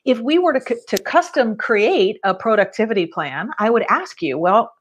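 A woman's voice: fairly high pitch, expressive, normal speed, slight background noise. A woman guest on a podcast, a professional organizer and coach, speaking in an upbeat, candid, motivational way. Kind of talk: casual interview.

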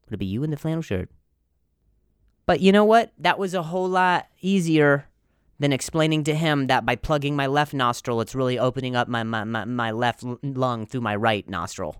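A man's voice: medium pitch, normal speed, smooth, no echo, clean studio sound. Stuttering man hosting a comedy podcast. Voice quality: stutter with many repeated words and sound blocks. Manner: self-deprecating, rambling, jokey. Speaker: podcast host.

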